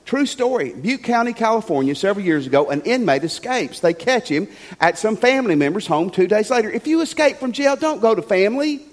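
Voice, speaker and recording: A male pastor preaches, telling stories with a lot of drama and swinging from loud to hushed. His voice is high for a man and very lively in pitch. A long hall reverb trails every phrase. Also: a little fast. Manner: animated storytelling, swinging between loud and hushed. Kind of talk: sermon.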